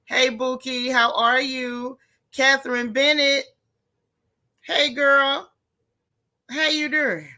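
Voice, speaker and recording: A woman's voice: sits high, fairly even intonation, takes it slowly, long pauses, pushed and bright. A middle-aged woman hosting a casual livestream, chatting and greeting viewers by name with easygoing slang. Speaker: livestream host.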